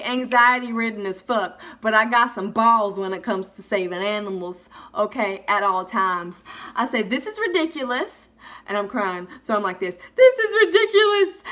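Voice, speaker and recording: A young woman vlogger telling a funny storytime, animated and freely swearing. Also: mid-range voice, normal speed. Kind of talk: storytime vlog.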